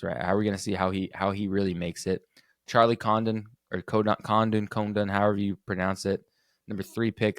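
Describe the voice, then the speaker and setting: A young man hosts a casual solo sports podcast, rambling loosely with plenty of fillers and restarts. His voice is fairly low, and the recording is dry and studio quality.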